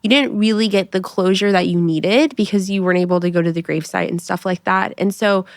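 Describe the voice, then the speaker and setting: A woman hosting a faith-based interview, asking gentle, affirming questions. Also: medium pitch, fairly quick, dry recording, clean studio sound. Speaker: interview host.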